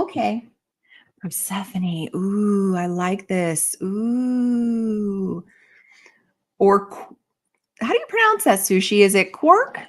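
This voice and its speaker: A woman hosting a casual live stream, chatting brightly and reacting to viewer comments. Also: mid-range voice. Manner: bubbly, reads viewer comments aloud. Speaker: livestream host.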